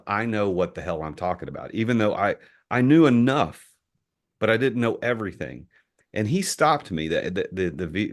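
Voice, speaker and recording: Deep-voiced man telling a story. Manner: animated storyteller, repeats words when starting sentences. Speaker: entrepreneur guest. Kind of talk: storytelling in a podcast interview.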